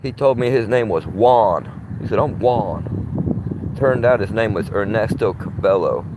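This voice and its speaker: A man's voice: on the low side, animated, normal speed. A man ranting on a livestream while sitting beside a tree outdoors, profane and agitated, circling back on his own words. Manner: profane, agitated, rambling with restarts. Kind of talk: rambling livestream rant. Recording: outdoor traffic noise.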